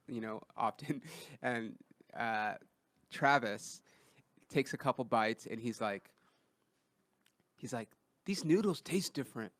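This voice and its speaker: A man hosting a podcast in a studio, telling a story in casual chat and getting loud when he acts out quotes. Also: medium pitch, dry recording. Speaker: podcast host. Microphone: studio mic.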